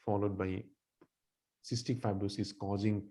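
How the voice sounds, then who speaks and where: Man tutoring doctors, mellow voice. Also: on the low side, flat delivery, unhurried. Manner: explains with many repeats and restarts. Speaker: medical exam tutor. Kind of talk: online teaching feedback.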